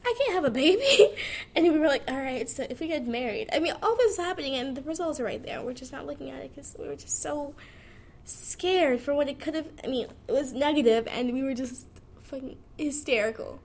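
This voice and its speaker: A woman's voice: high voice, fairly quick, darkish tone, a little hiss or hum. A nineteen-year-old woman, talking frankly and chattily about her life, laughing as she goes. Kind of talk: candid personal monologue.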